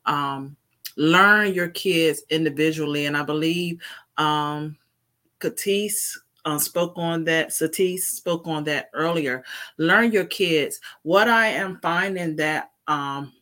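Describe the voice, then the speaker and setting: Woman panelist, slow and bright-toned, hesitant and measured. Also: low voice. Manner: measured, hesitant with many fillers. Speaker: mother and panelist. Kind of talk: encouraging panel talk.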